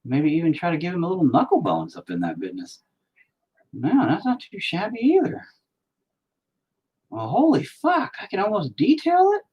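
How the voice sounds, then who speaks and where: Here a high-pitched male voice swoops wildly in pitch at a normal speed, with long pauses and a breathy edge, and the audio sounds dull. He's a painting vlogger chatting loosely as he paints, rambling, profane, and self-deprecating.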